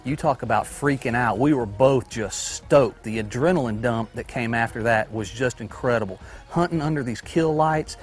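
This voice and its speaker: A bowhunter man looks back on his hunt in an enthusiastic, folksy way. He talks at a middle pitch, with plain, easy phrasing. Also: normal speed, few pauses, faint music behind. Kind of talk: recap interview.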